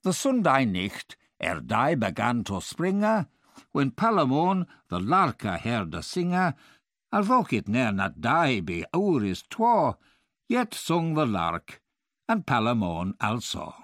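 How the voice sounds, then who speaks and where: A man reading medieval verse aloud in a measured, rhythmic recitation. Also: medium pitch, huge pitch swings, a bit bright, no room sound, studio quality. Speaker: reader.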